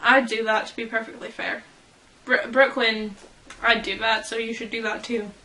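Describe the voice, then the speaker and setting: A woman's voice: on the high side, flat delivery, moderate pace, bright, forceful tone, rough recording. A young woman vlogging casually as a fan, rambling and giggling at herself. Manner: giggly, rambling, self-deprecating. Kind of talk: casual chat.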